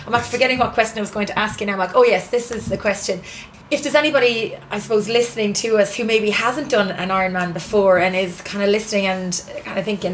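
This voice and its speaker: A woman's voice: medium pitch, fairly even intonation, fast, slight background noise, rough recording. Irish woman interviewer, chatty. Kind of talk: casual interview chat. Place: outdoors by the sea.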